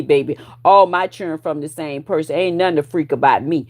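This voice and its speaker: A woman in her forties ranting at her online viewers, profane and confrontational, with loud bursts of laughter. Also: deep voice, brisk. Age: 40s. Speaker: vlogger.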